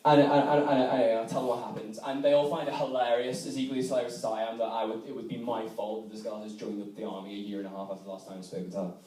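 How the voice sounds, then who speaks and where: A young man giving a comic storytelling speech to a debate society, animated and often laughing as he talks. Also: mid-range voice, fast, hardly any pauses. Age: young adult. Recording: echoey room, from far off.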